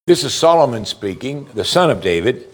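A man's voice: medium pitch, sing-song, normal speed. Conversational male pastor preaching. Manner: conversational preaching, asks the congregation direct questions; repeats words when starting a thought. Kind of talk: sermon.

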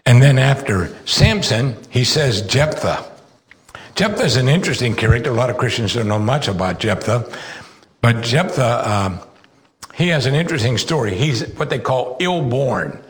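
A man preaching a sermon, telling Bible stories with animated delivery and rising sharply when he quotes the characters. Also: medium pitch, moderate pace.

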